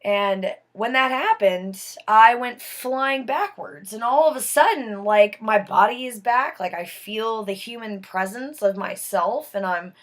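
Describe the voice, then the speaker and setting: A woman whose voice leans high tells her personal story at a slow, deliberate pace, casual but dramatic. When the story turns tense, she drops to a hush.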